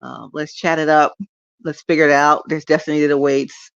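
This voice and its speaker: Her voice is deep with vocal fry and little pitch movement, at normal speed. A traffic reporter and streaming host, she lies down at home vlogging to a phone or webcam, chatting cheerfully and rambling with lots of laughter. There's no echo, and the highs are cut off.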